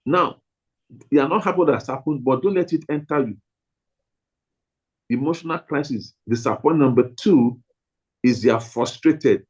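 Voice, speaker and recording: A man with a husky, slightly rough voice teaches a room of pastors. He talks emphatically and repeats himself, punching out single words for stress. His pitch sits in an ordinary middle range. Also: normal speed, pauses often, darkish tone, low-quality recording. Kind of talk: training talk to pastors.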